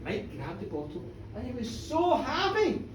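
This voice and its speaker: A woman tells a folk tale live in a pub, dramatic and playful with a high, swooping voice. She is recorded from afar in a reverberant room with faint ambience behind her. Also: wildly swooping pitch, moderate pace, recorded from a distance, a little hiss or hum. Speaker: storyteller. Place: pub, indoors.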